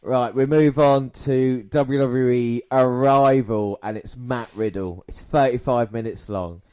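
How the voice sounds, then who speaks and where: A man hosts a casual podcast, his voice pitched in an ordinary middle range. He talks in a crude, sarcastic way, swearing often and slipping into mocking impressions. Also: fairly even intonation, measured pace, a little mellow, smooth. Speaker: podcast host. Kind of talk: casual chat reviewing wrestling content.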